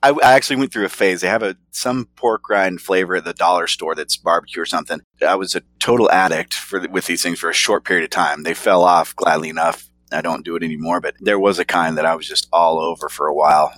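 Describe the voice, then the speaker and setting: A man's voice: sits low, fairly even intonation, quick pace, few pauses, a bit bright. A man co-hosting a casual snack-review chat, laughing often and trailing off mid-sentence. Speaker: podcast co-host reviewing snacks.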